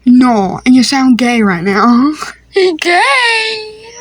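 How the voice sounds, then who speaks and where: A woman's voice: high-pitched, dry recording. A woman improvising a comedy family skit, talking in a playful, teasing, slangy way. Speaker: creator voicing a family skit.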